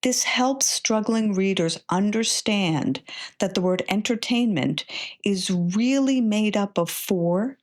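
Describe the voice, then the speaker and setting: Slow, lively-pitched woman teaching reading. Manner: patient, explains step by step, sounds out syllables slowly. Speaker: podcast host and reading tutor. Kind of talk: instructional podcast talk.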